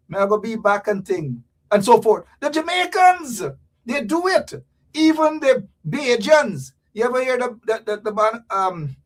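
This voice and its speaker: A man with a Guyanese accent hosting a fiery political talk show, shouting, mocking and repeating himself for effect. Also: sits high, far from the mic. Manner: animated, shouting, mocking, repetitive.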